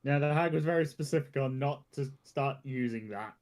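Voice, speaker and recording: A man's voice: mid-range voice, moderate pace, darkish tone. A man playing a tabletop game, talking in a matter-of-fact, slightly pedantic way. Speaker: player. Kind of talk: casual game chat.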